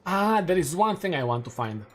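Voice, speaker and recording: A man's voice: high-pitched, sing-song, moderate pace, a bit bright, slight background noise. A young man, streaming a game and chatting casually with viewers, thinking aloud and correcting himself as he goes. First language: Romanian. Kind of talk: casual live-stream chat while gaming.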